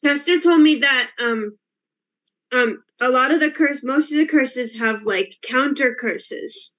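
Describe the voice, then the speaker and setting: A woman's voice: high-pitched, unhurried, a bit bright. A woman playing a student in a tabletop game over a video call, hesitant and questioning, with many likes and ums. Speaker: player.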